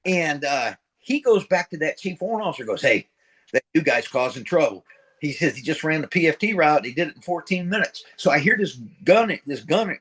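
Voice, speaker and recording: Blunt profane older veteran storyteller man. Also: a little high. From middle America. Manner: blunt, profane, acts out quoted dialogue. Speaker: interview guest, retired Marine sergeant major. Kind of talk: casual storytelling interview.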